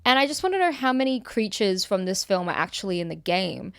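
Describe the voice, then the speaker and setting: A woman's voice: mid-range voice, big pitch swings, brisk, gravelly, no room sound, studio quality. A woman co-hosting a casual podcast, curious and incredulous, asking question after question. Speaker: podcast co-host. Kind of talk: casual film podcast chat.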